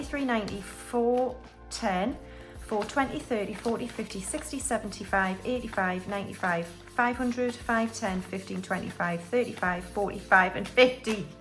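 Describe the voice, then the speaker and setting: A woman records a casual budgeting vlog. She counts banknotes aloud in a chatty way and keeps talking straight to her viewers. Quiet music plays faintly behind her. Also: fairly high pitch. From United Kingdom. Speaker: budgeting vlogger. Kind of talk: casual chat while counting cash.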